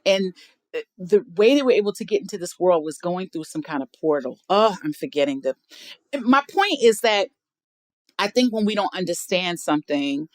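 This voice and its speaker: Animated woman, dry close mic. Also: fairly low pitch, moderate pace, no echo. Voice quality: animated, emphatic storyteller. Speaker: podcast guest. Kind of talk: casual podcast chat.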